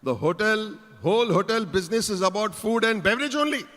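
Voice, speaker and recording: A man putting on a gruff, scolding hotel boss. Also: high-pitched, expressive, a little fast, a bit bright, pitched above the performer's own voice. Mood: stern. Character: stern older male hotel interviewer, curt. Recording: reverberant conference hall.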